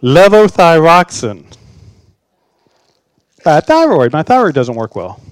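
An older male pastor in his sixties whose fairly high voice rises and falls a lot as he tells a story. His wry, sarcastic delivery comes through in a dry, close recording with no room echo. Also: big pitch swings, takes it slowly. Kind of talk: sermon with a personal story.

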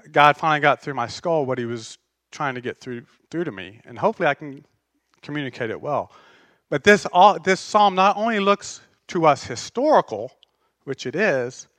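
A man's voice: a little high, dry recording. Casual, dry-sounding preacher man. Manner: conversational preacher, animated storytelling with self-deprecating humor. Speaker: pastor. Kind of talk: sermon.

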